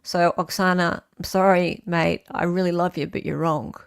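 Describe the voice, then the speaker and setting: A woman's voice: on the low side, steady tone, moderate pace, creaky, clean tone. A woman hosting a casual livestream, reading viewer comments aloud and answering them in a chatty way with frequent fillers. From Australia. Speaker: livestream host.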